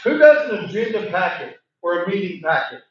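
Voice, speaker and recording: A man leading a training session, asking the room questions and repeating words for emphasis, clearing a voice he is losing. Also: sits high, big pitch swings, brisk. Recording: very echoey room, distant mic, muffled.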